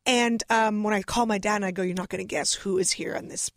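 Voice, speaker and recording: A woman's voice: medium pitch, fast, no echo, clean studio sound. A Russian-born woman, a guest comedian, telling stories in casual interview chat and acting out the voices of others. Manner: animated storyteller, acts out voices.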